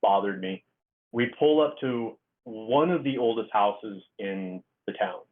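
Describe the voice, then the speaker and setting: A middle-aged man, a guest author, telling a story in a halting way with many fillers and restarts. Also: fairly low pitch, animated. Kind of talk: casual storytelling interview. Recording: tinny phone-like line.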